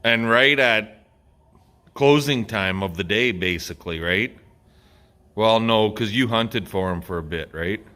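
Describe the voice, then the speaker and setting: A man's voice: fairly low pitch, bright, forceful tone, dry recording. A man who hosts a farm channel, chatting casually and rambling with lots of filler words while outdoors on his farm. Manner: laid-back, rambling, drawn-out filler words. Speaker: farmer and channel host. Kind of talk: casual vlog chat. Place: outdoors on a farm, in and around farm machinery. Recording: noisy outdoor farm recording. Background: engine and outdoor noise.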